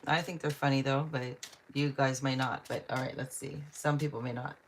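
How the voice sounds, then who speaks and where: A chatty woman with a low voice gives a live tarot reading, talking to viewers by name and laughing often. A faint hum of noise sits behind her. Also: steady tone, normal speed. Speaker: tarot reader.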